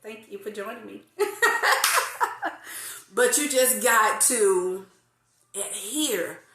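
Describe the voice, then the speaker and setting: A woman in her forties hosting a casual faith talk, lively, laughing often and drawing out some phrases. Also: medium pitch, slow, echoey room. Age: 40s. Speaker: host of an online faith talk.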